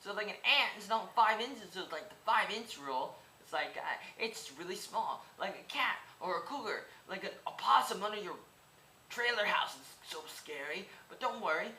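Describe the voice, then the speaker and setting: Rambling goofy man, bright echoey voice. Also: high-pitched, lively intonation, normal speed. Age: 20s. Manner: goofy, rambling, tangent-jumping. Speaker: vlogger. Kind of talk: rambling casual monologue. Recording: echoey room with faint background noise.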